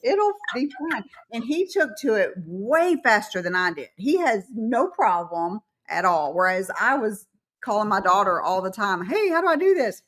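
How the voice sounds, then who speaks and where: A chatty woman with a Southern American accent who co-hosts a live stream. She tells stories at an ordinary pitch in an easy, casual way. She acts out quotes as she goes. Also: lively intonation, a little slow, a bit bright.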